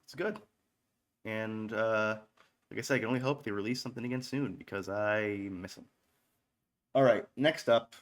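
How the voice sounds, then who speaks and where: Rambling man in his thirties, slightly low voice. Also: normal speed, long pauses. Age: 30s. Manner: rambling and offhand, with frequent swearing and restarts; self-mocking, joking asides. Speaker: online radio stream host. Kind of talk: casual stream chatter between songs.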